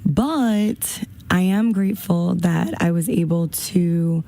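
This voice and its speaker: Lady co-hosting radio, rambly chatty talk, bit breathless, lowish voice, dry studio. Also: slow pace, gravelly, mellow, no echo. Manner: chatty, rambling, lots of fillers. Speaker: radio co-host. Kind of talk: casual radio chat.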